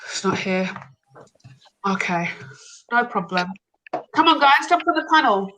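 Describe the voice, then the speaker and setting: Woman hosting a live stream, laughs a lot, bright and a bit high. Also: animated, a little slow, a little hiss or hum, low-quality recording. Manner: laughs often, rambling. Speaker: livestream host. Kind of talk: casual livestream chat.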